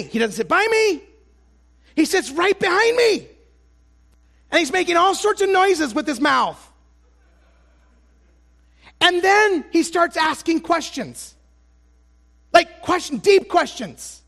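A traveling preacher with a strikingly high voice for a man delivers a sermon built around personal stories. He speaks in an animated, self-deprecating way and often restarts his sentences as he goes. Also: a little slow, gravelly, pauses often.

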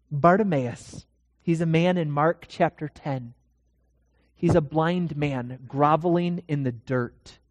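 A pastor delivering a dramatic sermon in a church, swinging from hushed to loud. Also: mid-range voice, no room sound, studio quality, big-room sound.

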